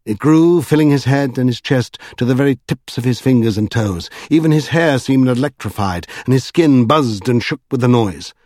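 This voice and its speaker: A man narrating a novel aloud in a measured storytelling manner. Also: mid-range voice, animated, darkish tone, dry recording, clean studio sound. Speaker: audiobook narrator. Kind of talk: scripted narration.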